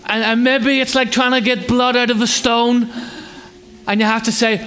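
High-voiced man preaching a sermon. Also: fairly even intonation, moderate pace, pushed and bright, a little hiss or hum. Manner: conversational, humorous, asks the congregation rhetorical questions; acts out children's voices in a higher pitch. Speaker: pastor.

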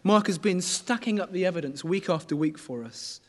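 A man's voice: sits high, moderate pace. A middle-aged man preaching a sermon in a conversational way, often asking the congregation questions.

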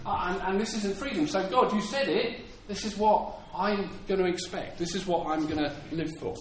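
A man's voice: high-pitched, normal speed, a little hiss or hum. A man preaching a sermon in an earnest way, often repeating words and acting out the lines he quotes. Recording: echoey room with faint ambience.

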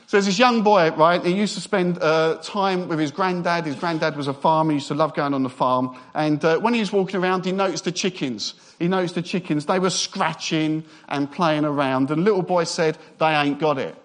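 Male preacher, slightly high voice, lively and joking, speeds up when excited. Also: brisk, few pauses. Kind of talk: sermon.

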